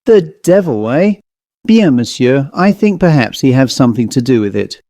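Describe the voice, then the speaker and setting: A man's voice: medium pitch, very animated, moderate pace, warm tone, dry recording, studio quality. A man voicing a grave, insistent head waiter with a French accent. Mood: stern.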